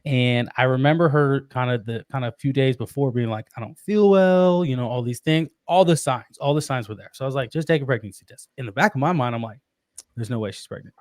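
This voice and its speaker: A man in his thirties telling a personal story in casual conversation, animated and laughing often. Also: mid-range voice, quick pace, hardly any pauses, no echo, clean studio sound. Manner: animated, laughs often, acts out quoted voices. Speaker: podcast guest.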